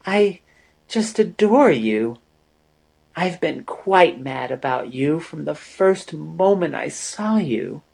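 A coy young woman in a storybook, soft-spoken and drowsy, her voice lifting higher and a little hushed, as a male narrator puts her on. Her tone has an unusual, airy colour unlike his own. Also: lively intonation, takes it slowly, heavily acted. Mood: adoring. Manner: soft, drowsy, breathy delivery.

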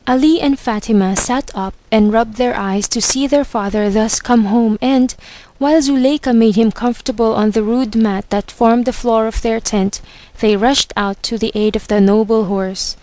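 A woman narrating a storybook with a measured, expressive reading. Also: on the high side, no echo. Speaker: reader.

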